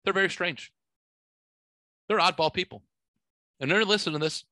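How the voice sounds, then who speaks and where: Bright-voiced profane podcast host man. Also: high voice, normal speed, no echo. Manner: profane, rambling storyteller. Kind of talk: casual podcast chat. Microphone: studio microphone.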